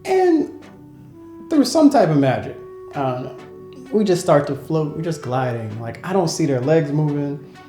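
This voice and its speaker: Young guy vlogging, chill slangy storyteller, mellow voice, echoey room w faint music. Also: fairly high pitch, sing-song, normal speed, long pauses. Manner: laid-back, laughing, slangy, acts out quotes. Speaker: travel vlogger. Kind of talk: casual storytelling to camera.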